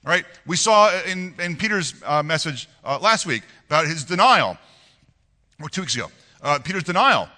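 A male pastor preaches with a very bright, forceful tone and a lively, swinging pitch. He reads scripture, then unpacks it with animated rhetorical questions to his congregation, his voice carrying a long reverb through a large hall. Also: moderate pace. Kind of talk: sermon.

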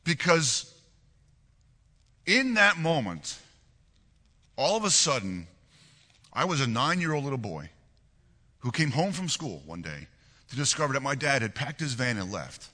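A man in his forties preaching a sermon and telling a personal story, earnest and animated, often restarting and repeating words. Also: medium pitch, unhurried, pauses often, in a large hall. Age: 40s. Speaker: pastor.

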